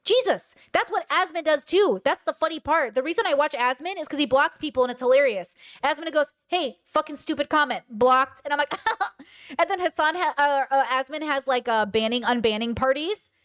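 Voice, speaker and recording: High-pitched blunt woman streamer. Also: fairly quick. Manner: blunt, swearing, animated rants. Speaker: commentary streamer reacting to clips. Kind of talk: casual reaction commentary.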